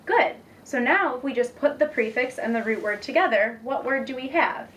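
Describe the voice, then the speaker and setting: A young woman teacher demonstrating a reading lesson, patient and encouraging, speaking slowly and clearly. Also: high voice, lively intonation, fairly bright tone. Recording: distant mic with faint background noise.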